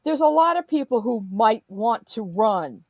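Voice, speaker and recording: Lady going off on a sweary political rant, kinda high voice, dry close sound. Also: big pitch swings, unhurried, darkish tone, no room sound. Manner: profane, emphatic, fired-up.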